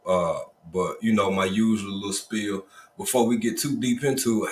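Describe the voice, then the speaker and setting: With a fairly low voice and a roomy sound, a livestream host speaks at a moderate pace, saying hello to viewers one by one. His manner is folksy and easygoing, full of repeated greetings in a drawling Southern Black vernacular.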